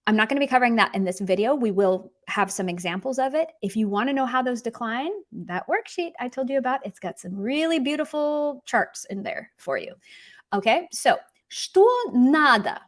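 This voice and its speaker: A woman's voice: on the high side, expressive. Chatty woman teaching a grammar lesson. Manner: chatty, encouraging, drills example words aloud slowly. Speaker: language teacher. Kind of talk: casual online grammar lesson.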